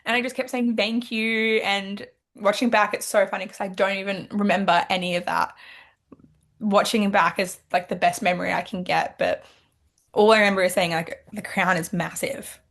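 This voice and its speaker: A young woman from Australia talks casually as an interview guest. She tells her story with animated energy, acting out her own past thoughts in quotes. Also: medium pitch, moderate pace. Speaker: pageant titleholder guest.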